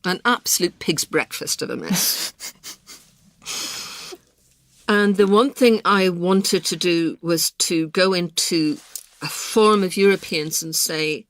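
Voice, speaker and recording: A woman's voice: lowish voice, slow, pauses often. A woman answering interview questions in a passionate, emphatic way. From Britain. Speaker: politician, interview guest.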